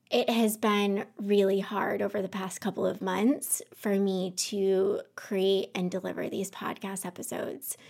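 A woman's voice: medium pitch, vocal fry. A woman podcast host in her home office, talking through an unscripted personal monologue. She sounds emotional and close to tears, earnest and self-reflective, and she rambles a little.

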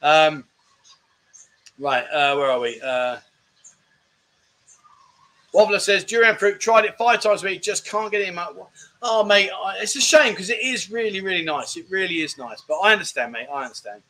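Chatty high-voiced man hosting a live stream. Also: animated, moderate pace, long pauses, sharp tone. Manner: chatty and jokey, rambling with restarts, calls viewers mate. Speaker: live chat show host reading viewer comments. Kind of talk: casual live-stream chat.

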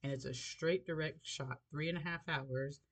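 Middle-aged woman podcaster, animated storyteller, chatty faith talk. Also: deep voice, moderate pace, low-quality recording. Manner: expressive, animated storyteller with light laughs. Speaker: podcast host.

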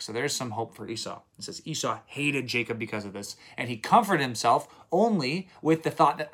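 A man's voice: mid-range voice, lively intonation, brisk, few pauses, fairly bright tone, slightly rough. A man with a mid-range voice walks listeners through a daily Bible reading in an easy, conversational way. He retells the old stories in everyday words and keeps checking in with his listeners, repeating key points for emphasis. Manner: conversational, retells stories in plain modern speech. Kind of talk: casual daily Bible commentary.

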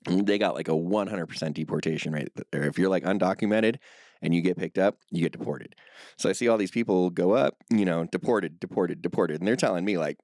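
A man in his thirties, a Spanish speaker, telling stories in a relaxed, casual interview, full of filler words and swearing. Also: low voice, brisk, no room sound, studio quality. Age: 30s. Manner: laid-back storytelling, heavy filler words and swearing. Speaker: guest.

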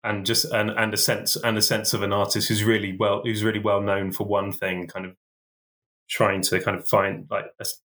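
A man's voice: on the low side, little pitch movement, moderate pace, fairly bright tone. A man co-hosting a podcast, talking casually with many fillers and restarts. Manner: hesitant, filler-heavy. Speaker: podcast co-host. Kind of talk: casual chat.

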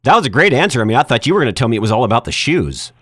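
A man's voice: medium pitch, big pitch swings, very fast, a bit bright, no echo, studio quality. A man hosting an interview podcast, talking in an encouraging, affirming way with his guest. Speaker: podcast host. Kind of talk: conversational interview.

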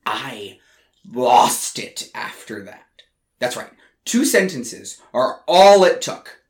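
A man's voice: mid-range voice, very animated, slow pace. A man narrating a first-person story in a crude, emphatic way. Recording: roomy echo.

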